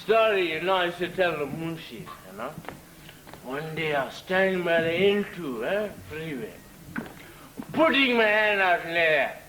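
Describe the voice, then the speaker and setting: A man's voice: a little high, animated, bright, forceful tone, a little hiss or hum. An actor playing a boastful, tipsy man who teases and laughs as he tells a story on a theatre stage. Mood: storytelling. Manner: slow, teasing, laughing while he boasts. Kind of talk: stage play performance. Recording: echoey hall, distant mic.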